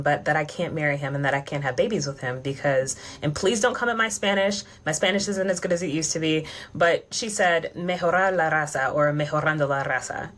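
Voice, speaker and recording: Low-voiced woman telling a personal story. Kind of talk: personal story in a played clip.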